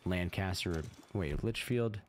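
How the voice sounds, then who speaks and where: A man doing casual let's-play commentary, excitable, swearing a lot, laughing often and talking to his character. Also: low voice, takes it slowly, a little hiss or hum. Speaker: gaming streamer. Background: game music.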